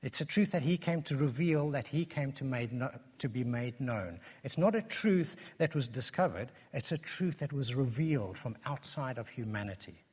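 A man's voice: medium pitch, animated, moderate pace, few pauses, a little mellow, slightly rough. A man preaching an earnest expository sermon, building his points through emphatic repetition. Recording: long reverb of a large hall.

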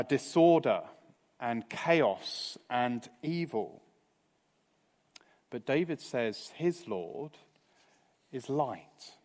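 Measured, slow-speaking man preaching in a hall. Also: medium pitch. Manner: earnest, measured, trailing off softly at phrase ends. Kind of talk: evening sermon. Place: church hall. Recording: reverberant hall.

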